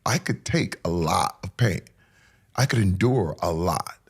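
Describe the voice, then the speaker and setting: A man's voice: sits low, animated, measured pace, slightly rough. A man speaking as an interview guest, telling his personal story candidly and earnestly, repeating phrases for emphasis. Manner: drops to a hushed whisper at moving moments.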